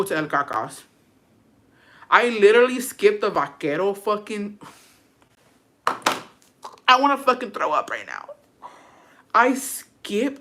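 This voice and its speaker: A woman's voice: mid-range voice, a bit bright. A young woman vlogger telling a personal story in a casual, chatty way, swearing freely and turning aside to address her viewers.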